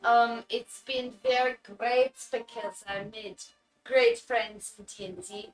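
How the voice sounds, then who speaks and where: A woman voicing a lonely, awkward woman in a put-on accent, speaking in a halting, mock-formal way, recorded in a roomy space from a distance. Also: a little high, steady tone, soft background music. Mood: mock-earnest.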